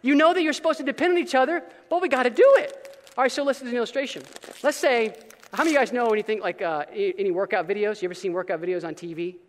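High-voiced man preaching with energy. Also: racing, in a large hall. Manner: energetic, casual slang, bursts of shouting. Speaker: pastor. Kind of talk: sermon.

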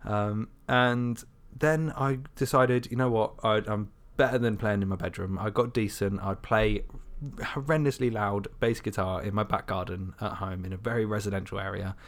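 A man's voice: on the low side, moderate pace, few pauses. A man co-hosting a podcast, chatting casually and jokily and laughing often. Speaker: podcast co-host and musician. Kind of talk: casual chat.

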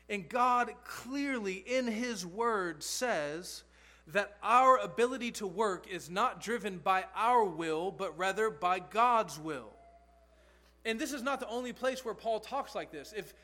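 A man's voice: sits high, expressive, unhurried, bright, forceful tone. A man pastor preaching a sermon, earnest and emphatic, repeating key phrases for stress.

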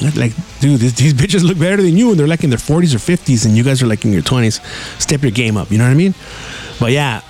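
This podcast host tells stories solo in a loose, profane, slangy way, mixing Spanish words into his speech. He has a mid-range voice that is a little mellow.

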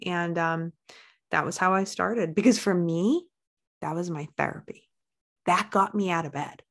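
A woman's voice: lowish voice, a bit bright. A woman, a life coach, talking candidly as a podcast guest, blunt and swearing, with bursts of feeling. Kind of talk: candid interview talk.

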